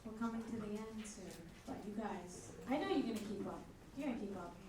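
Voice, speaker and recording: Her mid-range voice is expressive and fairly quick as she emcees a comedy club, trading brash, crude, self-deprecating jabs with the audience between acts. The audio comes from a distant mic in an echoey club, with crowd noise audible.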